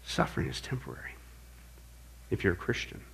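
A man preaching an apologetics lesson in an animated way, dropping low for stories and rising loud for quoted voices. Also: brisk, gravelly, slight background noise. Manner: animated, shifts between loud quoted outbursts and low hushed storytelling. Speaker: pastor teaching apologetics. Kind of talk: sermon-style teaching.

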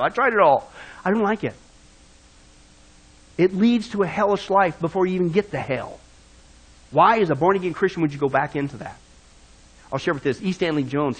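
A male pastor preaching a sermon, swinging from loud, emphatic passages down to low, hushed asides. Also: husky, rough recording.

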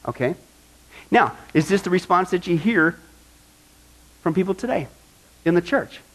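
A man's voice: high voice, animated, a little slow, a bit bright, husky, low-quality recording. A male pastor preaching a sermon, asking the congregation rhetorical questions and acting out the complaints of the people he quotes.

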